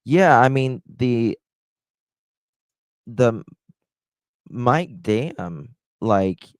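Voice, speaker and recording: A man hosting a casual live stream, rambling and hesitant, warmly thanking chat. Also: mid-range voice, expressive, very slow, no room sound. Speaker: livestream host.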